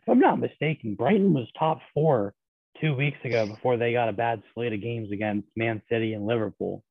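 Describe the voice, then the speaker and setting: A man's voice: medium pitch, a little fast, vocal fry. A man co-hosting a casual sports chat, tossing in short, dry remarks. His voice sits in a middle register. It comes through thin and phone-like, with no room echo. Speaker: sports podcast co-host. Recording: tinny phone-like sound, dry.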